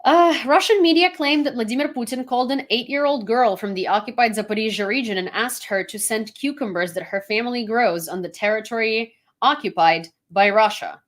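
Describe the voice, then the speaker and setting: A woman's voice: a little high, fairly quick, few pauses. Chatty woman from Ukraine commenting on news. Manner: chatty, frank and opinionated. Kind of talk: casual news commentary and storytelling.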